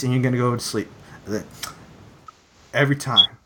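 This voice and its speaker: A man's voice: mid-range voice, steady tone, a little fast, long pauses, fairly bright tone, a little hiss or hum. A young man in casual chat, rambling with many fillers and repeated phrases.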